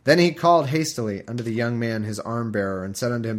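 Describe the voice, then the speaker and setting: A man's voice: mid-range voice, lively intonation, fast talker, few pauses. Wry man reading scripture aloud. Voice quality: wry, irreverent asides. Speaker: podcast host. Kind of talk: comedic scripture reading with commentary.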